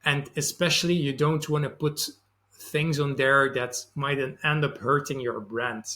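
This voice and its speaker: A man's voice: mid-range voice, steady tone, unhurried, pushed and bright. A young man hosting a sales channel, giving loose, conversational advice with frequent fillers. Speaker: sales and marketing channel host. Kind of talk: casual advice monologue to camera.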